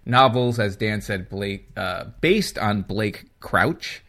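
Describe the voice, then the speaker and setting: A man's voice: fairly low pitch, lively intonation, slow, fairly bright tone. A man hosting a casual podcast chat, jokey and playful, with hesitant asides. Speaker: podcast host.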